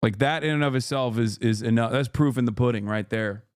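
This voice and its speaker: A man's voice: medium pitch, brisk, clean tone, dry recording, studio quality. A man hosting a live stream, reacting to clips in blunt, profane casual commentary. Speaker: streamer host.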